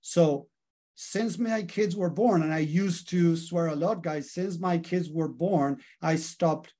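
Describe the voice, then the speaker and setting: A man's voice: on the high side, takes it slowly. A middle-aged man, a life coach, leading a live online training and calling out to his audience often. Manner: lively, addresses audience as guys often.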